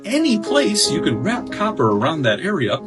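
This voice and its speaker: A man lectures with confidence, his fairly high voice jumping all over the place as he explains. Guitar music is clearly heard under him throughout. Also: wildly swooping pitch, normal speed. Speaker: wellness speaker. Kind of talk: explanatory podcast talk.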